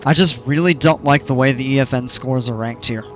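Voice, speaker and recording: A man's voice: medium pitch, brisk, music in the background. A man casually commenting on a game during a live stream, chatting with viewers in an easygoing, rambling way.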